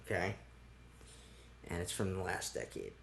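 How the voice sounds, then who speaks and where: A man's voice: deep voice, expressive, measured pace, gravelly. A man hosting a solo podcast in casual chat, rambling with restarts and casual swearing. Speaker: podcast host.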